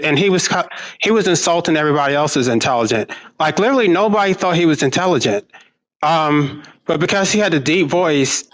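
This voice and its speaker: Guy on a panel call, kinda high voice, blunt and emphatic, cusses a lot. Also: fairly bright tone, rough recording. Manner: candid, emphatic, swears freely. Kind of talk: casual panel discussion. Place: online video call.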